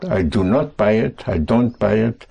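Slow, gravelly, low-voiced male teacher. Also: animated, dark tone. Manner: slow, patient, reassuring, repeats and corrects. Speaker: language teacher. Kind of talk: spoken language lesson with students.

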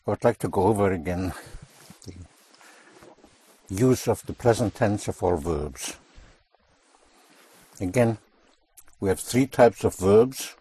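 In a language lesson, a man with a lowish, darkish voice and a breathy edge walks a student through spoken drills, patiently repeating and correcting answers. There's no echo.

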